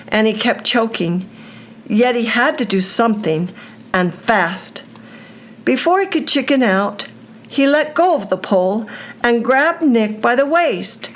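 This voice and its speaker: An older woman reading a children's story aloud, with a slow, deliberate storytelling delivery. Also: mid-range voice.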